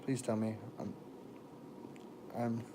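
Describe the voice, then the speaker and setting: A young man, Texas-born and Florida-raised, talks slowly and completely flatly while streaming, wandering through stories and greeting viewers by name. His pitch is ordinary mid-range, and a faint hum persists throughout.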